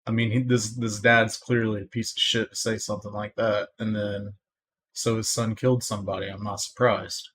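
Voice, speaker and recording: A man's voice: fairly low pitch, level tone, moderate pace, fairly bright tone. A man reacting with indignant disbelief in casual commentary. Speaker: streamer.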